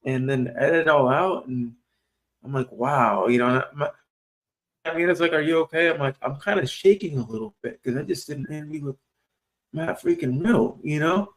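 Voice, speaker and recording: A man who hosts a small podcast, chatting casually and telling an excited story with many false starts. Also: fairly high pitch, moderate pace.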